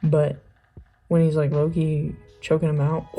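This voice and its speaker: Young woman, lowish voice, rambling casual chat over faint music. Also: little pitch movement, a little slow, mellow, husky. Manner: chatty, rambling, heavy on fillers and slang. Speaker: art vlogger. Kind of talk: casual chat while drawing.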